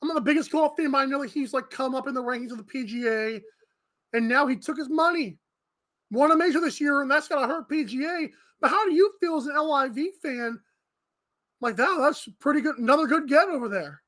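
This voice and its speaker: A woman's voice: high-pitched, a little fast, a bit bright. A woman hosting a morning show podcast, chatting casually with a guest and laughing often.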